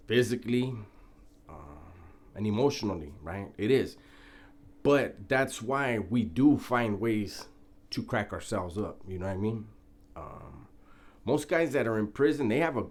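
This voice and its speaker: A man telling a prison story in a laid-back, profane, casual way, often breaking into laughter. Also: on the low side.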